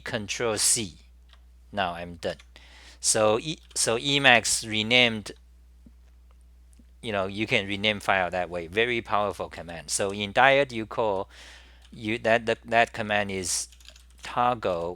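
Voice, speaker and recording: Slow, bright-voiced man demoing software. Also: lowish voice. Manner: halting, repeats words and restarts while working. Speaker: programming tutorial host. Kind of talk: live screen-recorded software demo.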